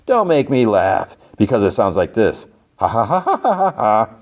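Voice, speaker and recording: A man's voice: fairly low pitch, sing-song, moderate pace, darkish tone, pitched above the performer's own voice. A man voicing a living cartoon showman who is secretly a menacing god of light, with a gleeful, theatrical sing-song delivery. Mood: gleefully menacing. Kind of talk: podcast recap with acted quotes.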